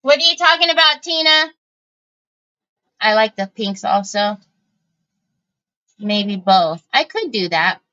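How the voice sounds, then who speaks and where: A woman's voice: mid-range voice, animated, slow, long pauses, pushed and bright, clear, resonant tone, highs cut off. A woman hosting a casual craft livestream, chatting with viewers as she works and thinking aloud.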